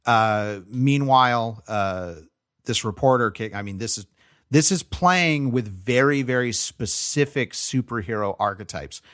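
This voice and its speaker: At a measured pace, this young podcast co-host chats loosely about movies, rambling with frequent fillers and restarts. His voice is medium-pitched and a bit bright.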